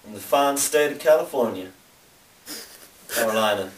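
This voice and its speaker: A man's voice: mid-range voice, animated, normal speed, close to an everyday voice. A man putting on a drawling Southern bartender. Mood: folksy. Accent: put-on American Southern drawl. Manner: drawling, courtly, calls people sir and son. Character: folksy old-timey male Southern bartender. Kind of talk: amateur comedy sketch acting. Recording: roomy, distant camera mic, faint noise.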